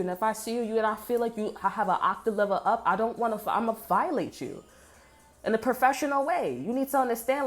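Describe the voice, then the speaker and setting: A woman's voice: a little high, animated, fast talker. A woman giving a casual spoken tarot reading, blunt, heated and full of swearing. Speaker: tarot reader.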